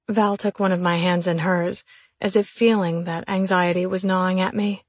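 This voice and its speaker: A woman narrating a first-person novel as an audiobook, in an even, measured reading. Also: lowish voice, husky, no echo.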